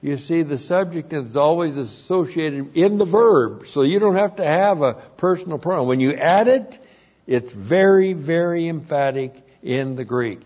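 A man's voice: a little high, lively intonation, unhurried, darkish tone, muffled recording. A man teaching verse by verse through a Bible epistle, explaining the Greek grammar and stressing key words by repeating them.

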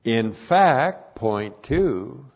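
Gravelly-voiced man teaching Greek Bible words. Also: medium pitch, sing-song, extremely slow, dull audio. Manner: spells out Greek words, bursts into loud emphatic phrases. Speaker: pastor.

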